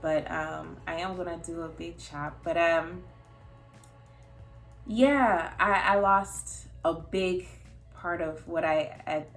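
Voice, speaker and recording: A young woman speaking in a candid personal vlog. She is earnest and emotional, talking haltingly with frequent fillers and nervous laughs. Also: lowish voice, steady tone, soft background music. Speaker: vlogger.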